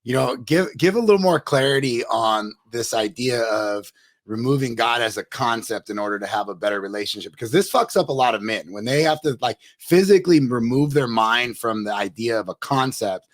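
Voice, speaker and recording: A man hosting a casual podcast, talking candidly and excitably and swearing freely. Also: mid-range voice, fairly quick. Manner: candid and excitable, heavy profanity.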